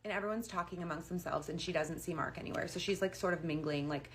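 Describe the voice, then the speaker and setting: A woman's voice: lowish voice, quick pace, slight background noise. A woman telling a spooky story in a chatty, casual storytime style, full of "like". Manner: chatty, uses like a lot.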